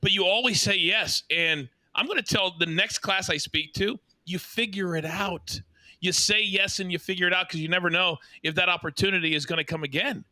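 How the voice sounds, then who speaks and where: A man's voice: high-pitched, a little fast, bright, forceful tone, dry recording. A man hosting a casual interview, asking long, enthusiastic questions. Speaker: podcast host.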